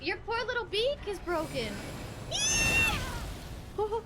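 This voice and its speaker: A woman streams a game live from home, her high voice leaping all over as she yelps and cheers at each moment. She talks in quick, excitable bursts. The stream is noisy, with dogs about the house. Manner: excitable, frequent alarmed exclamations. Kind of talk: live gameplay commentary.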